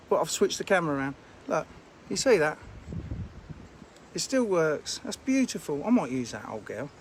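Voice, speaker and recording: A man's voice: sits high, a little hiss or hum. A man, live streaming from his phone and chatting casually in a rambling, self-mocking way as he shows things to the camera. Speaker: fishery owner live streaming. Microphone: phone camera held in hand.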